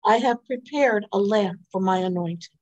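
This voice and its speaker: A woman reading psalms and a scripture lesson aloud in a morning prayer service, in a measured, even way. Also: mid-range voice, low-quality recording. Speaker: scripture reader. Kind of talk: liturgical responsive reading.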